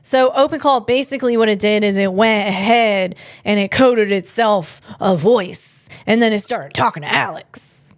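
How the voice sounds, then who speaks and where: A woman's voice: mid-range voice, normal speed, no room sound, clean studio sound. A woman hosting a comedy tech podcast in a rambling, self-deprecating monologue, laughing at herself often.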